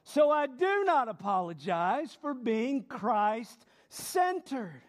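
High-voiced preacher, emphatic. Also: male voice, very animated, slow. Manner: emphatic, swings from loud shouts to low quiet delivery. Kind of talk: sermon.

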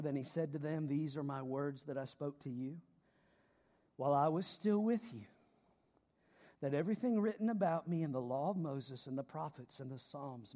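A middle-aged man preaching a sermon, swinging from loud emphatic shouts to low, quiet, drawn-out phrases.

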